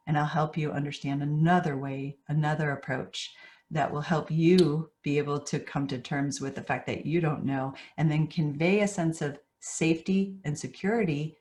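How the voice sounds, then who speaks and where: A woman's voice: low-pitched, darkish tone. A middle-aged woman, a therapist, training educators in an earnest teaching manner. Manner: earnest, teaching, acts out quoted voices. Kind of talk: training talk.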